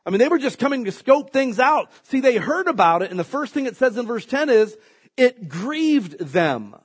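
Husky, lively preacher joking freely. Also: male voice, extremely high pitch, a little fast. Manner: folksy, joking, animated storytelling with acted quotes. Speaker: pastor. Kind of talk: sermon.

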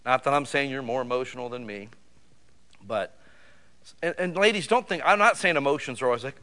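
A middle-aged man preaching a sermon, animated, with loud bursts and sudden drops to quiet. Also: mid-range voice, fairly quick, long pauses. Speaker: pastor.

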